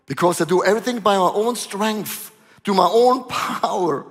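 A male pastor preaching a sermon, telling stories in an animated way with dramatic pauses. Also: high voice, long reverb tail.

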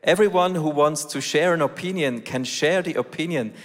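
A man's voice: a little high, normal speed. A man speaking earnestly from the stage during a church service, in plain declarative sentences. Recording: long hall reverb.

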